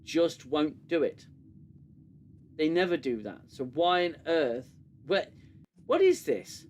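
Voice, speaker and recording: A podcast host with a fairly high voice speaks at a slow pace, with a little hiss or hum on the recording. Hosting a casual review chat, he sounds sarcastic and exasperated and often restarts his sentences.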